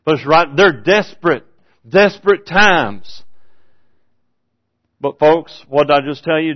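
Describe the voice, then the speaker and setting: A man's voice: on the high side, highs cut off. A man preaching in a folksy, conversational way, asking his audience rhetorical questions. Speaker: pastor. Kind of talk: folksy preaching, Bible study.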